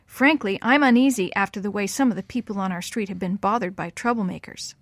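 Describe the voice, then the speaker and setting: Woman doing an uneasy old guy, quick and wary, storybook. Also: mid-range voice, no room sound, close to an everyday voice. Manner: uneasy, brisk. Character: elderly man, uneasy shoe shop owner.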